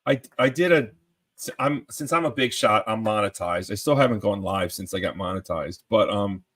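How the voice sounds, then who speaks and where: A man chatting casually on a panel call, rambling and excitable, often tripping over his words. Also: lowish voice, normal speed, husky. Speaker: panel guest.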